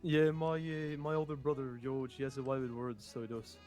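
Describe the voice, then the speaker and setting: A man's voice: medium pitch, level tone, fairly quick, darkish tone, faint music behind. A man voicing an easygoing character in a wild west role-play, talking with many hesitations. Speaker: role-play character, legal family member.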